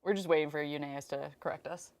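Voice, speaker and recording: A woman co-hosting a live stream, reading viewer comments and making quick joking remarks. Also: sits low, steady tone. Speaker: co-host reading viewer chat. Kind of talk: casual live-stream chat.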